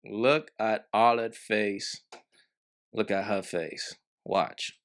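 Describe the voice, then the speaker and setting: A man's voice: lowish voice, steady tone, very slow. A man hosting a reaction video, talking to his viewers in casual, emphatic slang.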